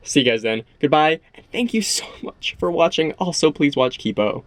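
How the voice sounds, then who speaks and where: A young man talking excitedly and rambling about a show he loves, repeating how good it is. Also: on the high side, moderate pace, no room sound. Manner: gushing, rambling, repeats himself. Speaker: show reviewer. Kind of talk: excited casual episode discussion.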